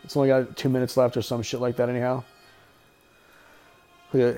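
A man talks loosely over a film he is watching, cursing freely and cracking offhand jokes in the flat tone of a casual podcast host. His pitch sits at an ordinary male middle. A film soundtrack plays faintly underneath. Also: fairly quick, long pauses, soft background music. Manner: profane, wisecracking and offhand. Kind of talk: casual watch-along movie commentary.

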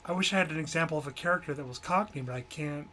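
A man's voice: on the high side, racing, sharp tone, a little hiss or hum. A man hosting a podcast in casual, playful chat, full of jokes. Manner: joking and playful. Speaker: podcast host.

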